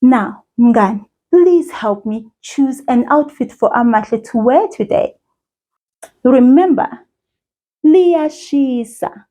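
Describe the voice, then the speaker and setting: Woman, children's language teacher, high voice, slow sing-song delivery aimed at a child viewer. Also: expressive, mellow. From South Africa.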